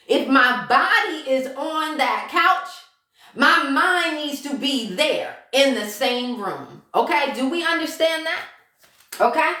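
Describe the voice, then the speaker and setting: Woman, mindset coach, casual lesson, bright tense voice, keeps asking okay, roomy home echo. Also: sits high. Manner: checks in with "okay?" and "right?" after nearly every point; repeats key steps, acts out inner thoughts. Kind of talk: casual self-help lesson to followers. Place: room at home.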